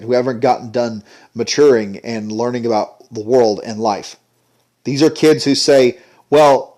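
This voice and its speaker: A man's voice: medium pitch, mellow. A man giving an indignant, sarcastic ranting commentary. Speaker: commentary vlogger.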